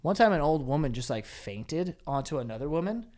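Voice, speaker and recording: A man's voice: fairly high pitch, very animated, brisk, darkish tone. A man co-hosting a podcast, telling a rambling, profane story in casual chat. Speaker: podcast co-host.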